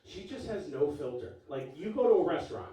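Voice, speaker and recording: A man's voice: fairly high pitch, very animated, fairly quick, dark tone. A man in his forties doing a live stand-up set, punchy, wry and profane. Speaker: stand-up comedian. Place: live comedy club stage. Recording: echoey room from far off. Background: audience laughing.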